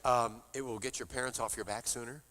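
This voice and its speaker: A man's voice: mid-range voice, steady tone, brisk, bright, forceful tone, slight background noise. An older man leading a university chapel service, telling a story between songs with playful, joking exaggeration. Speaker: chapel musician and worship leader.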